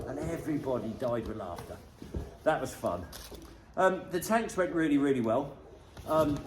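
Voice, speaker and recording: A man's voice: on the high side, a little mellow. A middle-aged man from Britain telling rambling, jokey stories to camera and chatting to his dog between them. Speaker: vlogger. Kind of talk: casual storytelling to camera. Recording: echoey room with some noise.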